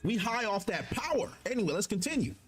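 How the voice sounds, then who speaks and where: A young man with a high, bouncy voice that leaps all over the place hosts a live stream. He reads the text aloud in bursts, then riffs on it with slangy, playful jokes. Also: sing-song, fast talker, breathy edge. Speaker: streamer reacting to a manga chapter. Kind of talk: casual live-stream commentary.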